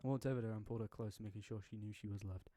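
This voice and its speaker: A man's voice: on the low side, fairly even intonation, very fast, mellow, dry recording. A young man reading a fan story aloud, breaking off for casual, jokey, slangy asides. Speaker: story reader.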